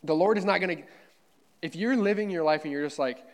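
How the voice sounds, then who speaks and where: A man's voice: fairly high pitch, brisk. A man preaching a sermon in a church, fervent and conversational, repeating himself and talking straight to his listeners. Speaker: pastor.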